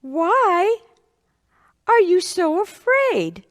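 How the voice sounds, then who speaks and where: A woman voicing a tired, calm grown man in a children's Bible story, speaking gently. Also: extremely high pitch, very slow, voice pushed up, heavily acted. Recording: echoey hall.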